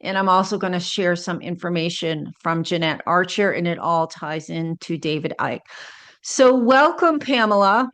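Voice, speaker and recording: A woman's voice: fairly low pitch, moderate pace, a bit bright. A woman hosting an interview, chatty and friendly, introducing her guest and the plan for the show. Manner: chatty, friendly, laughs easily. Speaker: host. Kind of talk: interview, casual chat.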